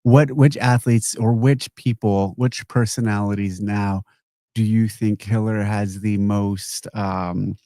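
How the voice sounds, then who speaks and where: A man's voice: on the low side, steady tone, slow pace, mellow, dry recording, clean studio sound. A man as a podcast guest in casual chat, blunt and teasing, swearing freely. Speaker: guest, sports event director.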